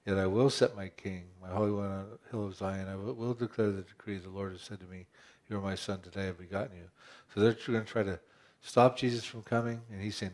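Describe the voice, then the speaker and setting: A man's voice: lowish voice, steady tone, quick pace, few pauses, darkish tone. A man pastor preaching a conversational sermon, asking rhetorical questions and often restarting his phrases.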